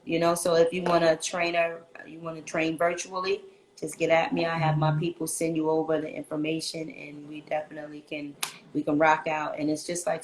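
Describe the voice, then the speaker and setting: A woman with a slightly low voice talks casually as an interview guest. She is animated and slangy and often repeats her phrases. The sound is roomy and echoey, with faint ambience behind her. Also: a little hiss or hum. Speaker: guest singer.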